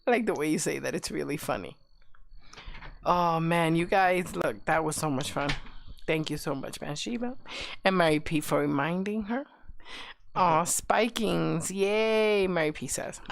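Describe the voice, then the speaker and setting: A woman's voice: lowish voice, unhurried, creaky, slight background noise. A woman hosting a live stream show, chatting casually in a giggly, teasing, playful way.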